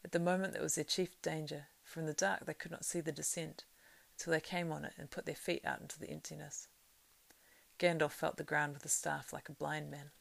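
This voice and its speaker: A woman reading a novel aloud, keeping a steady storytelling pace that swells louder in the action. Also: deep voice, brisk, gravelly. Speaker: reader.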